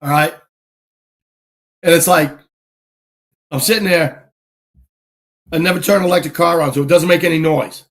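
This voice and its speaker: A man hosting a podcast, telling an animated, profane story in casual chat and acting out the quotes. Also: a little high, normal speed, long pauses. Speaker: podcast host.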